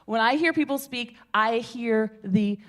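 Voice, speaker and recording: A woman in her twenties hosting a public speaking meetup, telling stories to a live group in a theatrical, animated way. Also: measured pace. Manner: animated, theatrical storyteller with big swings in pitch and volume. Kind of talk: lively workshop talk to a live group.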